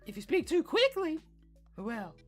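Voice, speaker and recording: A woman's voice: sits high, huge pitch swings, measured pace, soft background music, voice pushed up, exaggerated voice. A woman voicing a whimsical game character, speaking breathily with a musical, rhythmic lilt and short sentence endings. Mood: coaching.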